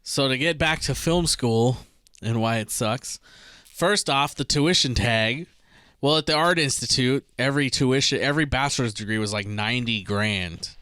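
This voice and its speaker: Young guy cohosting a podcast, smooth clear voice, dry close sound, loose rambly chat. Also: mid-range voice, moderate pace, no echo. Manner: relaxed, laughs easily, rambling restarts. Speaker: podcast co-host. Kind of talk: casual chat.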